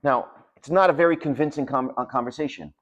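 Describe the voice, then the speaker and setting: A man delivering a sermon as a rabbi, telling stories with dramatic drops to a near hush. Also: mid-range voice, fast, dull audio. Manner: animated storytelling with dramatic drops in volume. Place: synagogue study hall.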